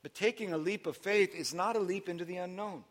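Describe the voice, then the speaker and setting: A man preaching a sermon, telling a story with lively buildups into shouting. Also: sits high, brisk.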